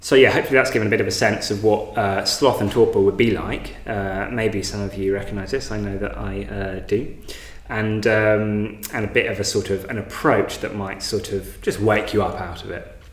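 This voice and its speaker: A man's voice: fairly low pitch, fairly even intonation, normal speed, roomy sound. A man giving an informal meditation talk, hesitant, with many fillers and restarts. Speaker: meditation teacher. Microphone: online class, home recording.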